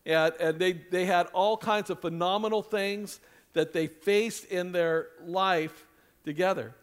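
A male pastor preaching a sermon in a conversational style, with lively asides and acted-out quotes. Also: high-pitched, unhurried, clean tone.

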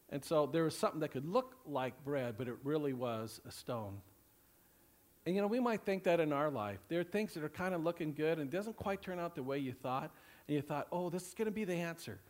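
A male pastor preaching a sermon to several campuses, rambling with lots of "you know" and slowing down for scripture. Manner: rambling, repeats phrases, many "you know" fillers; slows and drops low for scripture readings.

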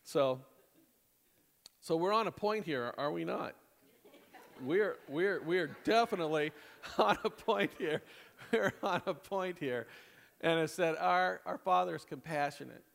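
Animated man preaching in a reverberant sanctuary. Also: a little high, unhurried, creaky, pauses often. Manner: animated preaching, swinging from loud bursts to hushed near-whispers, laughing often. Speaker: pastor. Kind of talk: sermon. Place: church sanctuary. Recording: long hall reverb.

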